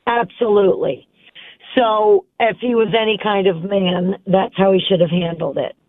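A woman's voice: medium pitch, fairly even intonation, moderate pace, no room sound. A woman calling in to a radio show, giving firm, emphatic opinions. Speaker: caller. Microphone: phone line. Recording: tinny phone line.

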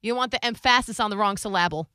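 A woman's voice: medium pitch, very fast, pushed and bright, smooth, no room sound. A woman co-hosting a radio show, chatting casually in the studio, emphatic and opinionated.

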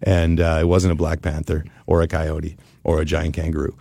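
A man hosting a podcast who tells a story in a casual, animated way and laughs often. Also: extremely low pitch, moderate pace, vocal fry, no echo. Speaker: podcast host.

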